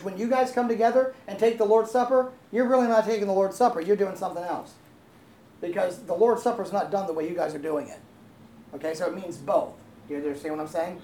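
A woman's voice: fairly low pitch, warm tone, a little hiss or hum. A woman pastor preaching a sermon in a conversational way, often asking the congregation questions and laughing easily. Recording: roomy echo, faint ambience.

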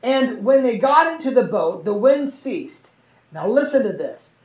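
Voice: medium pitch, lively intonation, moderate pace. A Bible teacher reading scripture aloud and explaining it in a conversational way, often checking in with listeners through tag questions. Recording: roomy, mic far from the speaker.

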